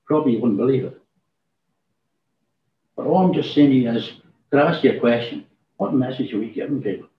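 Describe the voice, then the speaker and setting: A man speaking in a church hall rambles through an informal testimony, voicing what people said to him. His medium-pitched delivery runs a little fast with frequent pauses, and the roomy, distant, dull recording has a little hiss or hum.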